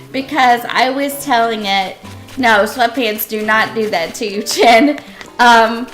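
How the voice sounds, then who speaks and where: A middle-aged woman streaming a game, telling a funny story in a casual, animated way and often laughing. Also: a little high. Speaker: live streamer. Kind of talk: casual storytelling while gaming.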